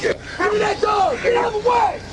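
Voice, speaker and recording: Brusque deputy shouting commands. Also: male voice, very high voice, flat delivery, normal speed, over a noisy crowd, very noisy. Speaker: sheriff's deputy. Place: outdoors at a roadside arrest. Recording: crowded outdoor phone recording.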